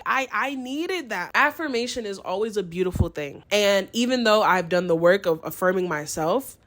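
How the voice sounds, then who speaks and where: A young woman in her twenties talking to camera as a vlogger, earnest and heartfelt, slipping into bits of Spanish. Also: mid-range voice. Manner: earnest, heartfelt, candid and expressive. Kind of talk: casual vlog talk to camera.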